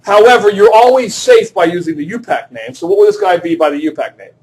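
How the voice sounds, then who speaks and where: A man's voice: high-pitched, animated, quick pace, a little mellow. A male chemistry teacher lecturing a class in a classroom, joking and quizzing students as he works through problems. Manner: joking, self-deprecating, asks the class questions.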